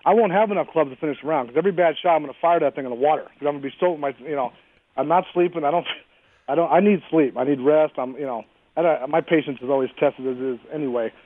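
Fast-talking man on a phone line. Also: on the high side. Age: 40s. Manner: blunt, fiery, swears freely. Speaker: guest. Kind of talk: casual interview chat.

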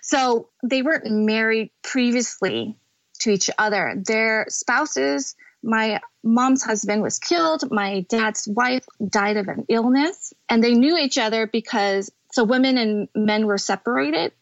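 A young adult woman shares her family's history as a podcast guest, speaking candidly and pausing as emotion rises. Her voice sits fairly high. The sound is dry and a little muffled. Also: vocal fry, dry recording. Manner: candid, tearful at times, halting. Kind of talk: emotional personal storytelling.

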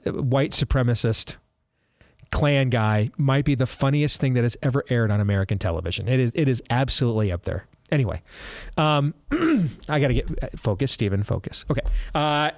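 A man hosts a talk radio show, wandering from story to sponsor read in a loose, self-interrupting way. His voice sits at an ordinary middle pitch. The sound is close and dry, with no room around it. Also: no room sound. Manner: rambling, self-interrupting, chuckling asides.

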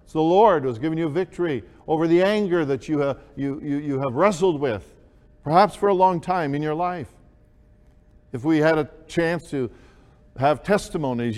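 A man preaching a sermon, slow and deliberate, with emphatic rises on key words. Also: a little high, darkish tone, in a large hall. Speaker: pastor.

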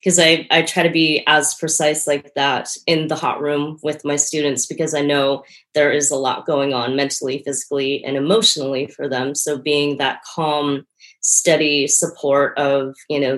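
A woman's voice: deep voice, level tone, normal speed, a bit bright. A woman guest in an interview, talking earnestly and reflectively about her work and teaching, often with a light laugh. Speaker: interview guest, performance artist and yoga teacher. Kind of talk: casual interview conversation.

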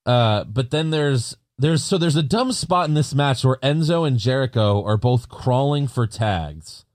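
A man's voice: mid-range voice, animated, measured pace. A man co-hosting a podcast, recapping wrestling matches play by play in casual chat, swearing and laughing as he goes. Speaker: podcast co-host.

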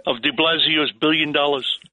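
A man's voice: on the high side, fairly even intonation, normal speed, sharp tone, no room sound, low-quality recording. A man calling in to a radio talk show, sounding friendly and eager. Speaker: caller. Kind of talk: call-in radio chat.

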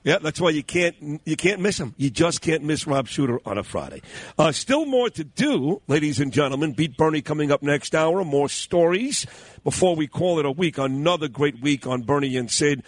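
A man hosts morning radio from a New York studio, jokey and upbeat. His voice sits a touch high, and he laughs easily between bits. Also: expressive, moderate pace, no room sound. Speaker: radio host.

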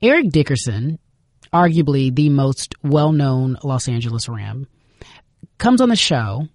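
A woman's voice: a bass voice, unhurried, dry recording, clean studio sound. A woman hosting a sports podcast, narrating and introducing her guest with emphasis. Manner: lively, emphatic. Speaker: host.

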